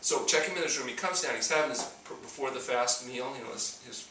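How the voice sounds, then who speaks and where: Quick-paced with a mid-range voice, a doctor tells an audience health stories about fasting, acting out the conversations. Background noise is present, and the distant mic captures an echoey room.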